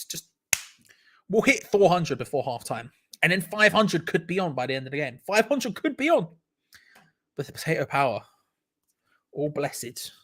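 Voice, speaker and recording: Hosting a live football watch-along, a young man with a higher-pitched voice gets excited at the action. He laughs a lot and keeps repeating himself in his reactions.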